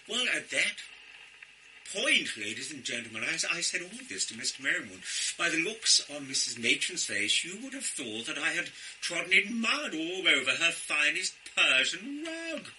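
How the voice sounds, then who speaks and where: An actor playing a vain, florid out-of-work actor who tells a tale with pompous, self-admiring flourishes. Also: male voice, a little high, big pitch swings, normal speed, sharp tone, a little hiss or hum, full character voice, rough recording. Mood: conspiratorial. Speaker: storyteller. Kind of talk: theatrical one-man storytelling.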